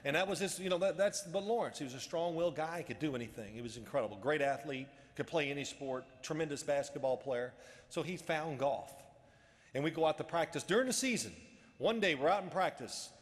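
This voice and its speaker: A man in his fifties delivers a luncheon speech in a reverberant hall. His voice sits a little high for a man, and he tells his stories with lively pacing. He acts out the quoted dialogue as he goes. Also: a little fast. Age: 50s. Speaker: after-dinner speaker. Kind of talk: storytelling speech. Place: banquet hall.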